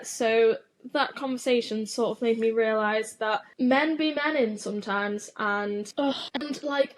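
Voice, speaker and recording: A young woman hosting a solo podcast, ranting in a casual, animated way, swearing freely and filling her talk with "like". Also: a little high. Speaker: podcast host.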